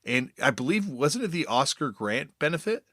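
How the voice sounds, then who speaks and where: A man who is a touring musician, talking in a relaxed, reflective way as a podcast guest, with filler words. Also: fairly high pitch, moderate pace, dry recording, clean studio sound. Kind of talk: casual conversation.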